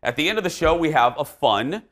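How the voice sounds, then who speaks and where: A man's voice: a little high, animated, a little fast, a bit bright. A man hosting a talk show, telling a story in casual chat and acting out the dialogue.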